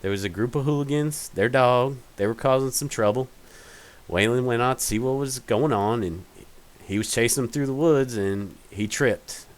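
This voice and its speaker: During a tabletop game, a man voices an urgent yet reassuring female militia captain, pitching his natural, mid-range voice above his own at normal speed.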